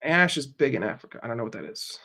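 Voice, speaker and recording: A man's voice: medium pitch, very animated, sharp tone. A man hosting a live stream who answers his chat casually, speaking bluntly, swearing often and joking. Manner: blunt and profane, answers chat with quick jokes. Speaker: livestream host.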